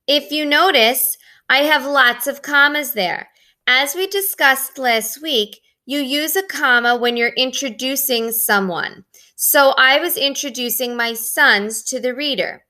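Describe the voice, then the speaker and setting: A middle-aged woman teacher talks her young pupils through a lesson in a clear, bright voice that sits a little high. She explains patiently, one step at a time, in the measured tone of a recorded classroom lesson. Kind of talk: recorded remote writing lesson.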